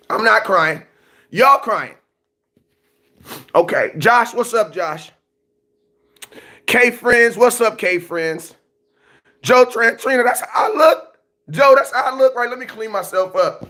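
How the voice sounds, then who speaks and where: A man hosting a livestream, ranting emotionally about football news and shouting out viewers by name, often breaking into yelling. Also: high voice, takes it slowly, pauses often.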